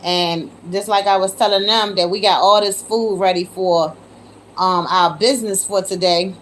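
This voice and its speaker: A woman with a steady, mid-range voice speaks at normal speed, a little hiss or hum in the background. She's hosting a casual livestream from her phone, chatting with viewers she calls y'all and given to disbelieving exclamations.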